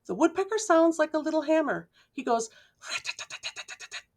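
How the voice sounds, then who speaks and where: Woman reading a kids' book out loud, lots of pitch swing, makes fun little sound effects. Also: sing-song. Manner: imitates sounds with playful mouth noises; slow, clear reading to young listeners. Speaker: storybook reader. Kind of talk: reading a children's picture book aloud.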